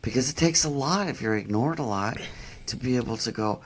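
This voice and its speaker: A middle-aged woman dog trainer, enthusiastic and animated, explaining how to read pets in a casual interview. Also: extremely low pitch, fairly quick, slight background noise.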